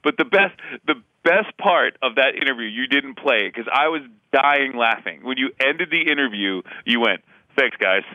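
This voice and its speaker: A man's voice: mid-range voice, moderate pace, few pauses, no room sound, muffled recording. A man co-hosting a podcast, telling stories animatedly and acting out quotes. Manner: animated storyteller, acts out quotes, laughs a lot. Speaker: podcast co-host. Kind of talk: casual chat.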